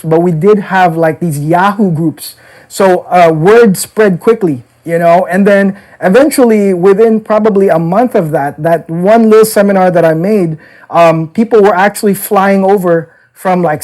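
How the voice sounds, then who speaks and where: A man's voice: sits high, normal speed, a little mellow, poor audio. A man casually recounting his past as a dating seminar teacher, peppering his talk with "okay?" and "like". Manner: frequent "okay?" and "like" fillers. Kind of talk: casual storytelling interview. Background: children.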